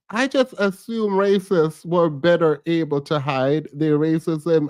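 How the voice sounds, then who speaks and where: Animated high-voiced man reacting, laughing. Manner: laughs often, repeats phrases, playful teasing. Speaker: streamer reacting to a clip. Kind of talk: casual reaction commentary.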